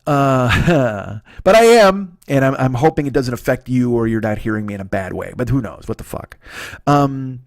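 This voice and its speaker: A man in his forties talks through a rambling, profane comedy monologue into a podcast mic. He is sick, so his voice comes out a bit hoarse and he sniffles between thoughts. His pitch sits in an ordinary middle range, and the room sound is dry and close. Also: animated, moderate pace, no room sound. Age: 40s. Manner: rambling, profane, self-mocking. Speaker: podcast host.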